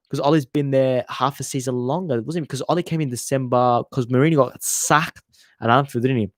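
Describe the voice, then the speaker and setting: A man's voice: medium pitch, brisk, no room sound, studio quality. A young man hosting a casual football livestream, rambling and swearing as he reads viewer comments. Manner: chatty and rambling, swears freely, trails off mid-sentence. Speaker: football channel host.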